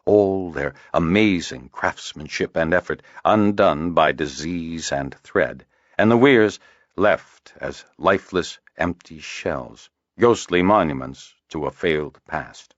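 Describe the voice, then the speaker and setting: A man narrating a fantasy audiobook in a measured storytelling manner. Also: low voice, no echo, highs cut off. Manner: measured storytelling, varied intonation. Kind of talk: scripted narration.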